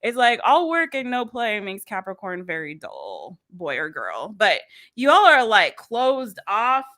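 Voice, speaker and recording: A woman's voice: medium pitch, wildly swooping pitch, a little slow, bright, forceful tone. A woman tarot reader chatting casually and playfully with lots of slang and laughter. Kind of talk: casual tarot reading chat.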